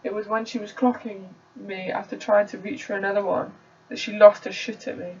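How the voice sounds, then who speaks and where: A young woman from England performs a solo dramatic monologue. She tells the story casually and breaks into loud bursts now and then. The voice sits back from the mic, and the recording sounds dull and muffled. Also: mid-range voice, fairly even intonation, brisk, a little hiss or hum. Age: young adult. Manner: conversational storytelling with sudden loud outbursts. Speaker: theatre student. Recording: dull, distant home recording.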